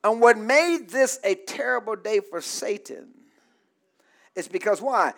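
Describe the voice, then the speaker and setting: A man preaching to a church congregation, calling for responses and rising into shouts. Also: high voice, expressive, measured pace, vocal fry. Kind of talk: sermon.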